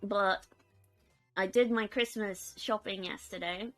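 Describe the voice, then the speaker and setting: A woman's voice: medium pitch, steady tone, slow, faint music behind. A young woman chatting casually on a live stream, giggling often and reading out chat. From United Kingdom.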